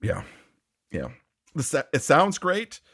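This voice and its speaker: A man's voice: on the high side, wildly swooping pitch, takes it slowly, creaky, a bit bright, breathy edge. A man co-hosting a podcast, rambling in casual chat, restarting sentences and laughing often. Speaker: podcast co-host.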